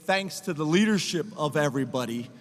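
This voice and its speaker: A fairly high-voiced man gives earnest, emotional press conference remarks as a head football coach. His voice rings out with the long reverb of a large room, so it sounds a little distant and washed. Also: lively intonation, a little fast.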